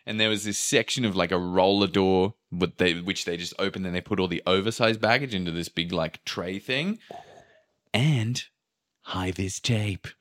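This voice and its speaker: A man's voice: low voice, moderate pace, fairly bright tone. A man casually recounting a chaotic trip, acting out quotes and swearing freely. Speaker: podcast host telling a travel story. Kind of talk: casual storytelling chat.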